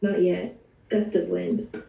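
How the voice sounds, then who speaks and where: A player with a gravelly, creaky voice who hesitates and thinks aloud while checking spells. The recording is dull and roomy. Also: mid-range voice, little pitch movement, takes it slowly, dark tone, distant mic.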